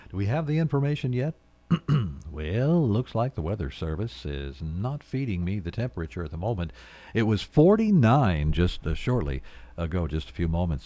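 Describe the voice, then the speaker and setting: A man's voice: low-pitched, dry recording. A man hosting a local morning radio show, chatting loosely about weather and upcoming guests with plenty of fillers. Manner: relaxed, rambling with fillers. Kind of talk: casual radio announcing.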